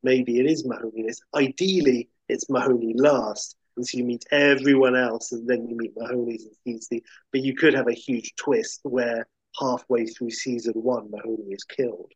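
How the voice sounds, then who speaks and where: A man's voice: medium pitch, steady tone, normal speed, few pauses, slightly rough, no echo. A man chatting enthusiastically about films, rambling and acting out quotes. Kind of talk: casual chat about films. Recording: dull lo-fi sound.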